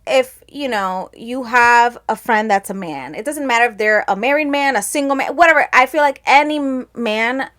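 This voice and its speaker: A young woman co-hosts a casual podcast, spinning stories with lots of energy and breaking into laughter. Her voice sits a touch high for a woman, and her talk stays loose and chatty. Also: moderate pace, few pauses. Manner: animated storyteller, laughs through her stories. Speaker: podcast co-host. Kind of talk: casual chat and storytelling.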